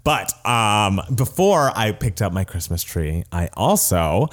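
Chatty, giggly male podcast co-host, low-ish voice, casual gushing. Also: big pitch swings. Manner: chatty, giggly, quick to gush. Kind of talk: casual chat.

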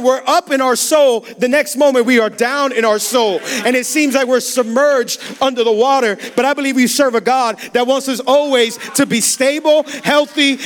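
A young man preaching a sermon in a church, telling a story with humor and acting out quoted lines. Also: very high-pitched. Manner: animated, humorous, acts out quotes. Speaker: pastor. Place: church sanctuary.

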